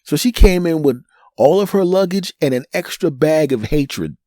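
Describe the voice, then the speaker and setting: Northeast us guy doing his podcast, lively storytelling, dry close sound. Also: on the high side, normal speed, no room sound. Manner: animated, acts out quoted people. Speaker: podcast host.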